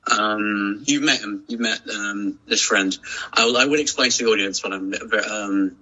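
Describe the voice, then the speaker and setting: A man's voice: lowish voice, normal speed, bright, forceful tone, low-quality recording. A man, a podcast guest talking casually and reflectively, with many restarts and fillers. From England. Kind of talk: casual chat.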